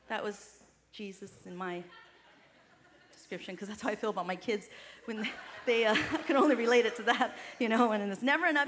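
High, bright-voiced woman preacher. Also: moderate pace. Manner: energetic, exhortative, rising to shouts. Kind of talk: sermon.

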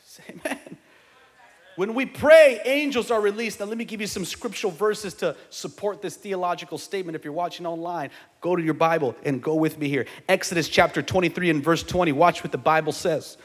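A pastor preaches with a high, husky voice, calling his congregation to answer back. He builds to fervent shouts, his words ringing through the long reverb of a church sanctuary. He is a man caught live mid-sermon. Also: fairly quick. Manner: preaching with call-and-response, shouting at peaks. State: sweating from exertion.

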